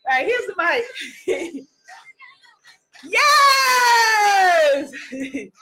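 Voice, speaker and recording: Woman life coach on a live stream, very high and bright voice, exuberant, cheering, out of breath. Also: very animated, drawn-out words. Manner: exuberant, laughing often, calling out cheers. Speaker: spiritual business coach. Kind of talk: live-streamed motivational talk.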